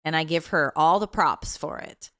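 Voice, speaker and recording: A middle-aged woman chatting casually on a podcast as a mother, animated, laughing often and swearing freely. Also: deep voice, normal speed. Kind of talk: casual chat.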